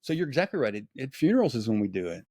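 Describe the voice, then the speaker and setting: A man from East Texas, a guest author telling stories in an animated, casual way. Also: mid-range voice, racing, no room sound, studio quality. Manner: animated storyteller, acts out quoted dialogue. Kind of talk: casual storytelling.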